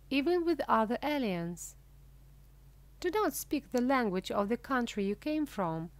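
A woman reading a humorous story aloud as scripted narration, slowly and clearly. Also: a little high. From Russia. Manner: slow, clear, deliberate reading. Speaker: audiobook reader. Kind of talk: scripted narration of a graded reader.

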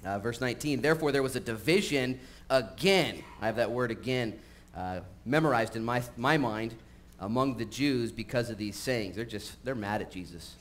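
A man preaching a sermon in a church, talking casually with frequent fillers and getting animated as he tells stories. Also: mid-range voice, normal speed. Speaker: pastor. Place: church sanctuary. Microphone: live-streamed recording.

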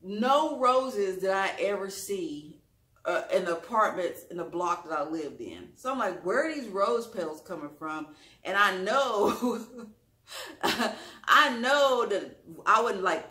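A woman tells a personal story to her camera in a loose, conversational ramble. Her voice is bright and forward, with colloquial phrasing and repeated lines. The room around her is echoey. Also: medium pitch, lively intonation, unhurried. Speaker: storytime vlogger. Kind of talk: casual storytelling.

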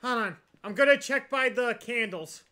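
A man chatting casually while playing a ghost-hunting game with friends, swearing and yelling taunts. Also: very high-pitched, moderate pace. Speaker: gamer.

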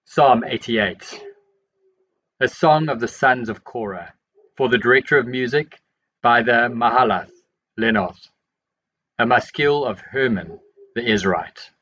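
A man reading Bible passages aloud in a measured, steady voice. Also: mid-range voice, lo-fi sound. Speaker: Bible reader. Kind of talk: scripture reading.

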